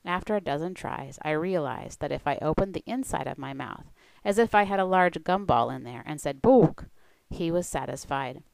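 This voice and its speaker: A woman who coaches language learners, giving a scripted presentation in a clear, steady way. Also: sits low, brisk, hardly any pauses, no echo, rough recording. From United States.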